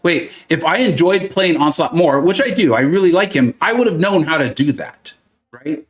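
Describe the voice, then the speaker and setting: A man's voice: on the high side, animated, moderate pace. A man hosting a gaming live stream and answering viewer questions in casual chat. He is playful and joking, drifts into silly tangents, and gives advice in a chatty, reassuring way.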